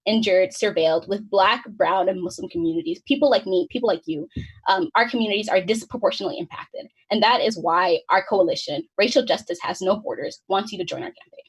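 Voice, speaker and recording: Poor audio carries the husky, mid-range voice of a US student organizer in her twenties. She delivers an earnest prepared speech on a webinar, reading quickly from her notes.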